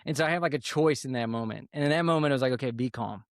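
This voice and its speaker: A man, an army veteran guest on a podcast, calmly telling a story in a relaxed, unhurried way. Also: on the high side, clean tone, dry recording, clean studio sound. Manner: calm, unhurried storyteller with fillers. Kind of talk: casual storytelling interview.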